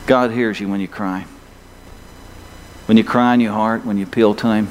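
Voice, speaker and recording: A man's voice: lowish voice, fairly even intonation, moderate pace, slight background noise. Male pastor preaching, keeps asking the congregation questions, long echo of a big church hall. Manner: emphatic, rhetorical questions to the congregation. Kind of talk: sermon. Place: church sanctuary.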